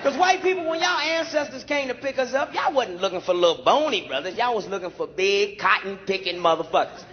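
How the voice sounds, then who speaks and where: Brash high-voiced stand-up comedian. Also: male voice, fairly quick, a crowd in the background. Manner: brash, profane, animated storytelling. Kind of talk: live stand-up routine. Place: comedy club stage. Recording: dull live recording with audience noise.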